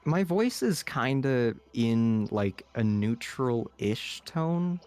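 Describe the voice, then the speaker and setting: A man's voice: medium pitch, lively intonation, slow pace, a little mellow, faint music behind. A man with a slight lisp and a general American accent, rambling through a casual podcast chat with lots of fillers. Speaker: podcast co-host.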